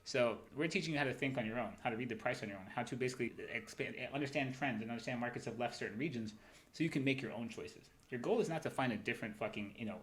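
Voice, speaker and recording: The audio is poor, with a little hiss or hum, as a man with a mid-range voice hosts his crypto trading livestream. Casually commenting on market charts, he speaks rapidly, cursing and rambling, and keeps punctuating his points with "right?".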